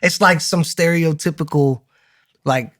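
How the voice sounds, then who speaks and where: A man co-hosting a podcast, telling stories in casual chat, easygoing and quick to laugh. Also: on the high side, fairly bright tone. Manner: storytelling, easygoing, laughs often. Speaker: podcast co-host.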